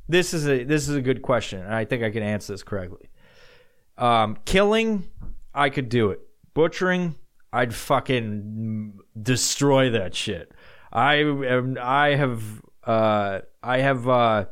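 A man hosting a solo podcast, rambling casually and swearing often while he answers odd questions, sometimes laughing at himself. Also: mid-range voice. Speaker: podcast host.

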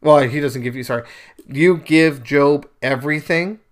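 Animated man retelling a scripture story. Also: a little high, moderate pace. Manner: animated, emphatic, acts out quoted speakers; conversational with fillers and asides. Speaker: podcast host. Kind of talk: casual retelling and religious commentary.

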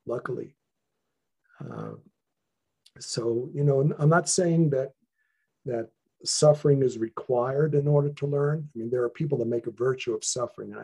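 A man speaking as an interview guest, sharing serious stories about his training in an earnest, measured way with frequent restarts. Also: mid-range voice, creaky, warm tone, slightly rough. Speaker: guest, traditional healer. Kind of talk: interview, reflective storytelling.

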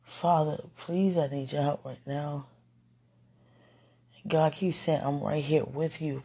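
A man recording an emotional late-night vlog, overwhelmed and near tears, pleading and sighing in breathy whispers. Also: fairly high pitch, steady tone, slow, dark tone. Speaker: vlogger.

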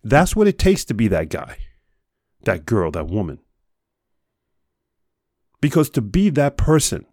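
A man hosting a podcast, giving a blunt motivational talk full of rapid rhetorical questions and profanity. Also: lowish voice, darkish tone, no echo, clean studio sound. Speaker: podcast host. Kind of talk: motivational monologue.

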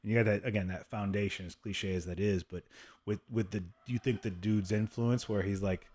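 A man in his thirties hosts a relaxed interview chat. His voice sits a little low, and he talks frankly and swears freely. He slips into quick put-on voices when he retells a scene. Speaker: podcast host.

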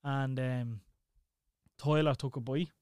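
A young Dublin man telling a story in casual chat, animated and full of swearing. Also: medium pitch, takes it slowly, clear, resonant tone, no room sound, clean studio sound. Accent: Dublin Irish.

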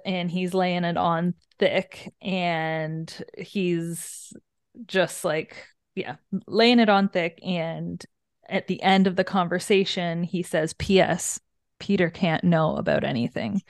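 A woman's voice: fairly low pitch, no echo, studio quality. A woman chatting casually about a novel, recapping chapters and acting out characters' lines. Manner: relaxed, acts out characters' lines. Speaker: book discussion co-host.

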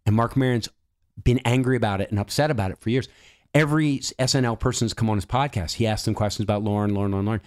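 A man hosting a podcast, chatting casually and jumping in with quick reactions and finishing his guest's sentences. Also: lowish voice, darkish tone. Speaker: podcast host. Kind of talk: casual interview chat.

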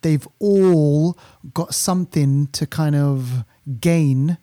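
A man's voice: fairly high pitch, takes it slowly, mellow, no echo, studio quality. A man co-hosting a podcast, chatting casually about a film with lots of fillers and restarts. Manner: rambling, full of fillers and restarts. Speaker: podcast co-host. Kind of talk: casual film review chat.

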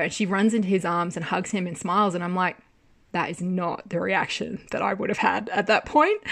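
A woman with a voice on the low side gives a casual spoken review of a TV drama. She's animated and exasperated, swearing freely and laughing often.

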